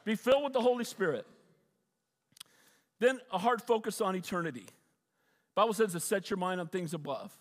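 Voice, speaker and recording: A man's voice: high-pitched, moderate pace, pauses often, big-room sound. A middle-aged man, a pastor, preaching a sermon and often asking the congregation for an amen.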